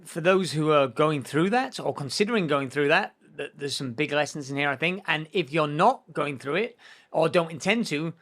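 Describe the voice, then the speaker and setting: Guy hosting a business podcast, slightly high voice, earnest, stumbles and restarts a lot. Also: animated, normal speed, a bit bright. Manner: earnest, explanatory, frequent restarts. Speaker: podcast host. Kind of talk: podcast conversation.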